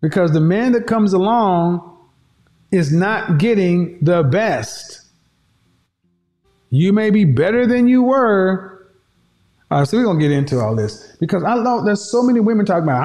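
A man's voice: sits high, animated, moderate pace, pauses often, a little mellow, faint music behind. A man talking to his audience in an emphatic, preachy commentary, repeating his points for effect. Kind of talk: opinionated commentary monologue.

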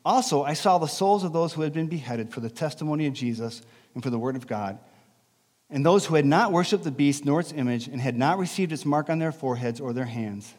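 A man preaching a sermon as pastor, animated and conversational, asking the congregation questions. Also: fairly high pitch, brisk, in a large hall. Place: church sanctuary.

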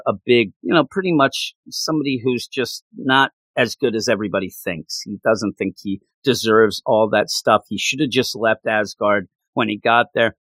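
A podcast host casually reviews a comic book, gushing with excitement and stumbling into many restarts. His voice is medium-pitched, with no echo.

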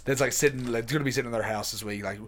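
A man's voice: mid-range voice, very fast. A man rambling through a sarcastic aside in casual podcast banter.

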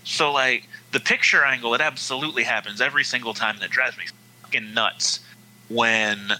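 A man with a very bright, sharp voice argues his point hard and swears freely. A faint hum sits behind him. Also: medium pitch, steady tone, moderate pace, rough recording. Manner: emphatic, heated, swears freely. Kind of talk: casual panel discussion.

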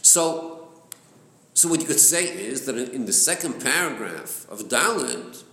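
A man's voice: mid-range voice, unhurried, vocal fry. A man teaching a Chassidic text class, explaining with many repeated words and Hebrew terms mixed in. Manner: lively, repeats words, mixes Hebrew and Yiddish terms into English. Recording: echoey room.

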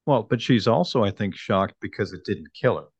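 A man's voice: fairly low pitch, expressive, moderate pace, husky, no echo, muffled recording. A man co-hosting a podcast, reflecting thoughtfully and analytically in casual discussion. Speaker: podcast co-host.

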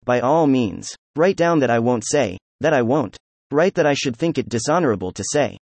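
An excitable young nobleman, read by a man in a steady mid-range voice, effusive and proud as he pushes back against his questioners. The sound is dry and close, with no room around it. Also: mid-range voice, normal speed, no echo. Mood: defiant. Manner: effusive, emphatic, laughing.

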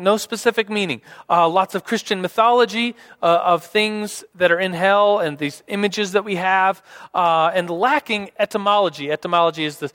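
A man's voice: sits high, moderate pace, fairly bright tone. A young man preaching a sermon in a casual, rambling way, full of fillers and restarts. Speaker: pastor. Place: church hall. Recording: reverberant hall.

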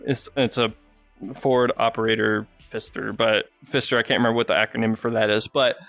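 A man's voice: on the low side, level tone, a little fast, creaky, a bit bright, no echo, soft background music. A man hosting a casual podcast who tells rambling stories, swears freely, and says "dude" and "like" often. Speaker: podcast host.

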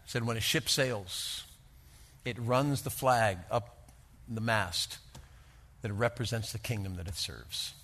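A man preaching a sermon and telling personal stories, swinging from hushed, intimate lines to rising, emphatic ones. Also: fairly low pitch, slow, pauses often. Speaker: pastor.

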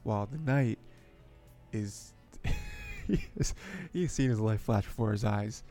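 A man's voice: lowish voice, huge pitch swings, unhurried, dark tone, faint music behind. A man hosting an anime podcast, recapping episodes in a rambling, chatty way with frequent chuckles and fillers. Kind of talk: casual episode recap and commentary.

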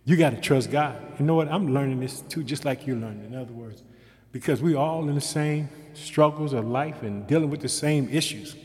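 A male preacher delivering a fervent sermon in short, repeated phrases that swell into loud pleas. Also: medium pitch, a little fast, big-room sound. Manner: fervent, rising to shouted pleas.

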